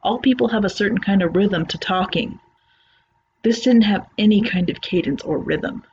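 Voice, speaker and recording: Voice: mid-range voice, moderate pace, a little mellow, a little hiss or hum. Dull-sounding horror story narrator. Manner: plain conversational first-person retelling. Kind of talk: reading a horror story aloud.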